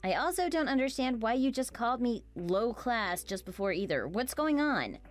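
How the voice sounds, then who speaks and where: A woman plays a puzzled young roommate who stays calm and reasonable while asking questions. Her slightly high voice has a lively pitch. She is a character in a storybook text-message drama. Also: moderate pace, soft background music.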